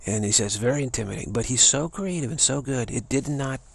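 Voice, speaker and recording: A man's voice: medium pitch, lively intonation, fast talker. A man giving a rambling, casual spoken talk as a teacher, stammering and restarting often. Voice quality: gravelly, raspy voice. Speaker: spiritual teacher.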